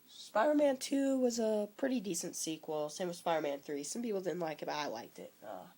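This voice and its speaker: A young man in his teens with a cold, rambling casually about movies he likes and dislikes, with frequent halting restarts. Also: high voice, sing-song, mellow. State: coming down with a cold. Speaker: vlogger.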